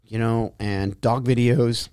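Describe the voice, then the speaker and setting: A man's voice: mid-range voice, steady tone, takes it slowly, darkish tone, clear, resonant tone, no echo, clean studio sound. A middle-aged man hosting a solo podcast, talking in an emphatic, frustrated, preachy way about habits and self-improvement. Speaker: podcast host. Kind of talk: solo motivational monologue.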